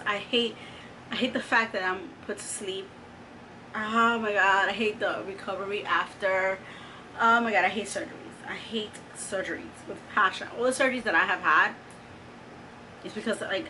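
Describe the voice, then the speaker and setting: A woman in her thirties telling a personal story to her camera in a chatty, animated way, full of fillers and exclamations. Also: mid-range voice, a little hiss or hum, low-quality recording. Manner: chatty, animated, lots of "like" and "oh my God". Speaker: vlogger.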